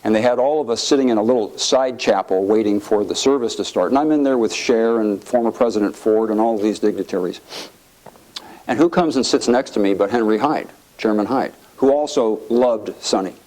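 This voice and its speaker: A man's voice: fairly low pitch, brisk, rough recording. A middle-aged man, a former congressman, telling stories to an audience, acting out the quotes with a raised voice. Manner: lively storyteller, acts out quotes with a raised voice. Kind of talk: anecdotal speech to an audience.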